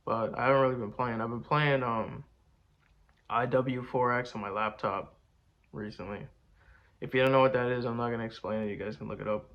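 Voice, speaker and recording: Brisk and steady, the young rapper's medium-pitched voice comes through with the highs cut off. He answers fan questions in casual, rambling, boastful talk, peppered with slang like "bro" and "man."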